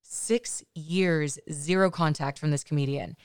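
A woman's voice: deep voice, measured pace, clean tone, no echo, studio quality. A woman podcast host telling a personal story in a candid, chatty way, often adding "you know" asides.

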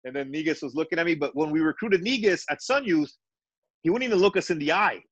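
Animated middle-aged storyteller, dry sound. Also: male voice, on the high side, fast talker, husky, no room sound, muffled recording. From Montreal, Canada. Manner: animated, acts out dialogue in his stories. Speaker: retired basketball coach, guest. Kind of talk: storytelling in a podcast interview.

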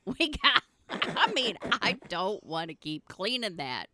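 A woman's voice: medium pitch, very animated, takes it slowly, sharp tone, no room sound, clean studio sound. A middle-aged woman hosting her own podcast, telling stories in a blunt, profane way with frequent laughs. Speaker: podcast host. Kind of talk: casual storytelling monologue.

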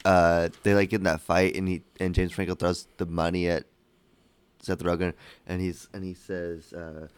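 A man's voice: low-pitched, level tone, moderate pace, clear, resonant tone. A man co-hosting a film podcast in casual chat, rambling with restarts and acting out favorite movie lines. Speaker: podcast co-host.

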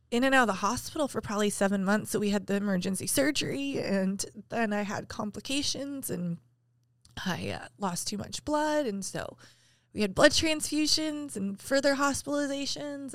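A woman in her thirties co-hosts a faith podcast, speaking in casual chat as she candidly and emotionally shares a painful personal story. Her voice is on the high side, and the recording is dry and studio quality.

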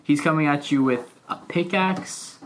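A woman running a tabletop game as game master, narrating slowly with drawn-out dramatic pauses. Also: low voice, a little hiss or hum.

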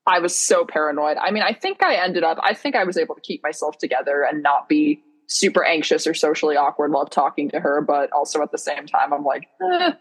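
A young woman tells her story with lively excitement, her voice a touch low and husky. She talks casually with a co-host, racing through the exciting parts. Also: fast, few pauses, low-quality recording. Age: young adult. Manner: excitable storyteller, animated retelling. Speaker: podcast co-host. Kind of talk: casual chat.

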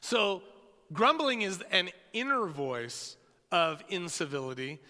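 A man preaching a sermon as pastor, animated, with emphatic pauses and rhetorical questions. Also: high voice. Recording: long hall reverb.

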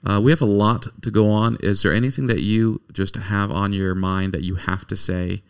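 Male host, deep gravelly voice, playful teasing banter. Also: little pitch movement, normal speed. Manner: joking, teasing, rambling. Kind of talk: casual chat.

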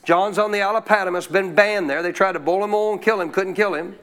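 A man with a high voice preaches a sermon to his church. He keeps calling out questions to the people in the pews, checking that they are still listening. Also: quick pace, a bit bright. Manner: calls out questions to the congregation. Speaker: pastor.

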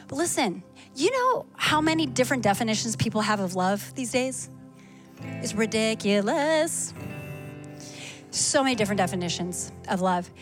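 A woman preaching a sermon at a church service, animated and fast, reading Scripture and asking the congregation questions. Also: on the high side. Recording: sermon with clear music behind.

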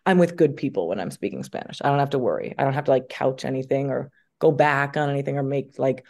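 A woman's voice: extremely low pitch, fast talker, a little mellow. A woman in her thirties, an actress chatting animatedly as a guest in an interview, full of fillers. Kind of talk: casual interview chat.

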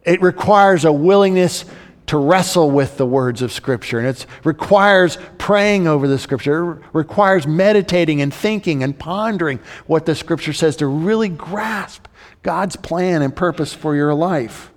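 A man preaching a sermon, slowing down to read scripture aloud and lifting his voice on questions to the congregation. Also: fairly high pitch. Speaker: pastor. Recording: long hall reverb.

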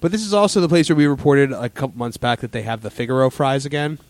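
A man's voice: mid-range voice, fast talker, no room sound. Rambling man hosting a podcast. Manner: rambling, filler-heavy. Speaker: podcast host. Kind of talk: casual chat.

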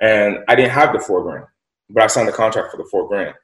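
Animated young man telling a story. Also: on the low side, a little fast. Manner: animated, slangy, repeats words. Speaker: guest. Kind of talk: casual storytelling interview. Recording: roomy echo.

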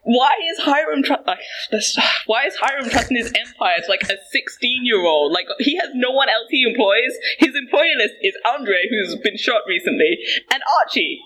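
A woman talking in a casual podcast chat, fast and animated, laughing as she talks. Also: fairly high pitch, slight background noise, rough recording. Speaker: guest podcaster.

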